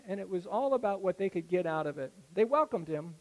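A man preaching a sermon that explains a Bible passage, earnest and explanatory, often dropping to a soft, low tone. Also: animated, fairly quick. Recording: echoey hall with long reverb.

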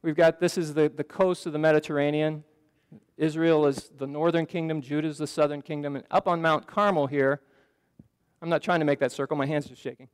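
A man's voice: a little high, steady tone, brisk, smooth. A man giving an earnest, conversational sermon as pastor in a church sanctuary, often restarting his phrases. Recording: long reverb of a church hall.

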